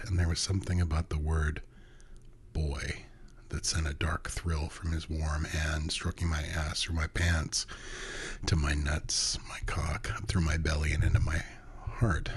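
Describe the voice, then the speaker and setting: A man narrating a first-person story in an intimate, hushed way, often dropping to a whisper. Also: extremely low pitch, husky.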